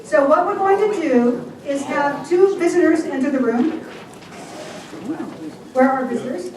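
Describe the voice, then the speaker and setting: Speaking at a measured pace in a high voice, an older woman acting as event host playfully reads out the rules of a group game. The recording comes from far off in an echoing, audience-filled hall, with crowd noise around her.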